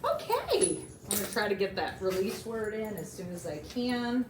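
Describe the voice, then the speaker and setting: A woman dog trainer explaining each step of a training session while coaxing a puppy. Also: moderate pace. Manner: explains steps while coaxing a puppy, jumping to high praise. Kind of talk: instructional training demonstration. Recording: roomy and noisy.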